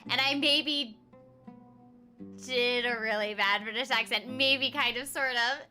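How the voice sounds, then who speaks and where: A young woman streamer chats with her viewers in a very bright, ringing voice pitched a little high. She rambles playfully and jumps from one thought to the next. Faint game music plays behind her. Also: a little slow. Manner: rambling, playful, full of fillers and asides to chat. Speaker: streamer and voice actor. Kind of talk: casual live-stream chat while gaming.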